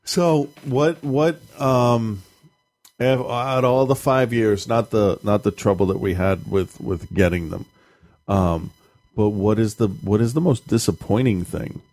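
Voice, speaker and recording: A man talking casually as a podcast co-host and parent, rambling and animated, with some profanity. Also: on the low side, measured pace. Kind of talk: casual chat.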